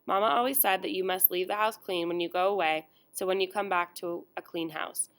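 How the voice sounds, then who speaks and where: A woman voicing a fragile, frightened young girl who pleads softly in an audiobook. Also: fairly low pitch, steady tone, a little fast. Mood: frightened pleading. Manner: soft, pleading.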